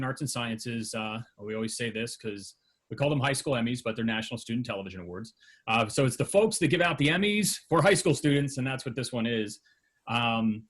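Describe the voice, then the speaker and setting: A man's voice: mid-range voice, fairly bright tone. Middle-aged man giving remarks, filler-heavy. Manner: conversational, with frequent fillers and restarts. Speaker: high school TV program advisor. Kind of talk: prepared remarks at a school board meeting.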